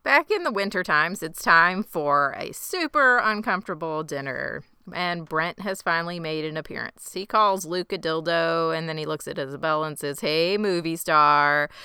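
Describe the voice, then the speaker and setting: A woman's voice: low-pitched, expressive, normal speed, few pauses, sharp tone, clear, resonant tone, dry recording, studio quality. A woman co-hosting a podcast, recapping a TV episode in casual chat with wry, sarcastic asides. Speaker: podcast co-host.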